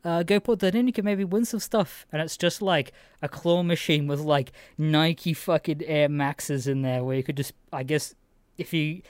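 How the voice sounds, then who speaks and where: A man's voice: clear, resonant tone, dry recording. A young man hosting a solo podcast, telling a story in a casual, exasperated rant, swearing constantly and mimicking other people. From Australia. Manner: mimics others in a higher, louder voice. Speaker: podcast host.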